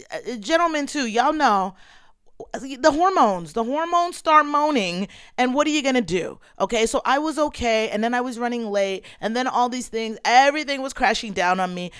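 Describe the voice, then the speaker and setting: A woman in her thirties hosts a casual podcast and tells her listeners a personal story. She is tearful, yet her voice stays smooth and resonant. She speaks expressively into a dry, close microphone. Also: a little high, normal speed, no echo. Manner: emotional, expressive storytelling, addresses listeners as y'all. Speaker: podcast host. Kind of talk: casual personal vlog talk.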